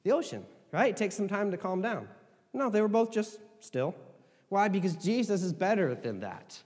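Lively high-voiced man preaching in a hall. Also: normal speed. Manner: conversational, animated preaching with asides and laughs. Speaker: pastor. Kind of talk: sermon. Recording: hall reverb.

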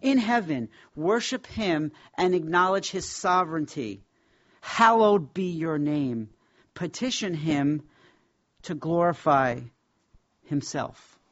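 A man's voice: on the high side, lively intonation, fairly bright tone, dull audio. Emphatic man teaching a Bible class. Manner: emphatic, reverent, with slow deliberate stresses.

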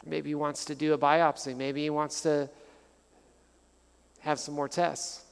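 Middle-aged man, pastor preaching a sermon; chatty, storytelling, a bit of humor; slightly high voice, long hall reverb. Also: a little slow, vocal fry, smooth. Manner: conversational, animated storytelling with humor.

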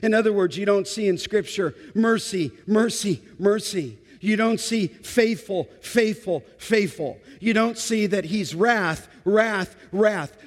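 A man's voice: high voice, in a large hall. A man pastor preaching a sermon, building emphasis through repetition.

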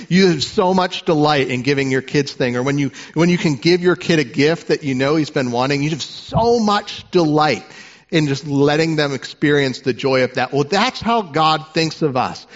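A man preaching a sermon as pastor, earnest, moving between hushed, tender passages and fervent ones. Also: a little high, muffled recording.

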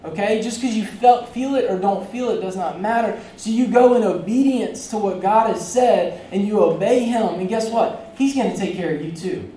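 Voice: mid-range voice, normal speed, few pauses, mellow, reverberant, recorded from a distance, poor audio. A preacher giving a casual, conversational sermon with a personal story, speaking straight to the congregation in a church sanctuary. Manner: conversational, chatty, addresses the congregation directly.

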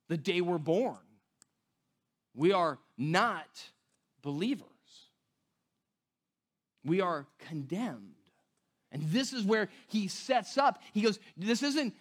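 A man preaching a sermon as pastor, casual and conversational, often asking "right?" and acting out the people he quotes. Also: high voice. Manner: animated storytelling, acting out quoted voices.

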